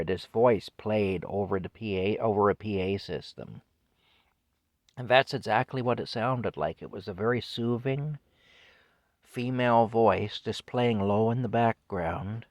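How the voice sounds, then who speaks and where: A man in his fifties with a low voice delivers an indignant solo rant on his vlog. His talk is scornful, broken by wry chuckles. The sound is close and dry. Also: no room sound. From Canada. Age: 50s. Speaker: vlogger. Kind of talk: solo opinion rant to camera.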